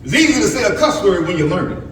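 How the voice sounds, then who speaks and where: High-voiced preacher echoing through a church. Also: male voice, very animated, quick pace, a bit bright, a little hiss or hum. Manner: preaching to young people with repetitions and stammered restarts. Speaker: pastor. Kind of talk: sermon. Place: church sanctuary. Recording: very echoey church sanctuary from far off.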